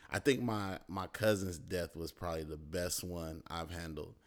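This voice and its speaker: Deep-voiced man chatting casually. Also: steady tone, moderate pace. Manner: short agreeing replies, then a plain personal story. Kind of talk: casual chat.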